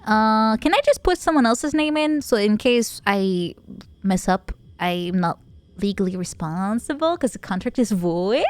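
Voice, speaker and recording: A woman streamer chatting casually while playing a game, playful and giggly, thinking out loud. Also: mid-range voice, lively intonation, a little slow. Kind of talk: casual gaming chat.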